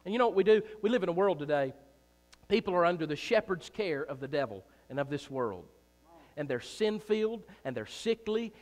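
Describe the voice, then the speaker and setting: A man preaching a sermon in a church, emphatic and repetitive, swinging between loud and soft, with joking asides. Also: sits high. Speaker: pastor. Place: church sanctuary. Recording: reverberant church hall.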